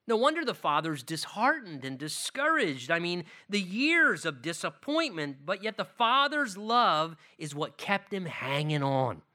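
A middle-aged male pastor delivers a sermon in a high, lively voice. His tone is bright and sharp, and he swings between emphatic lines and hushed asides. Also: a little slow, few pauses.

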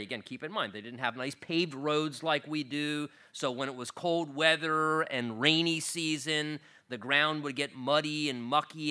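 Bright-voiced man teaching a sermon. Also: fairly high pitch. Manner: earnest, repeats himself while explaining. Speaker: pastor. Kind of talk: expository Bible teaching sermon.

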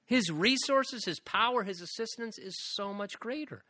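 A man's voice: sits high, animated, moderate pace, pushed and bright, dry recording, studio quality. A pastor preaching an earnest sermon, his delivery building to fervent emphasis.

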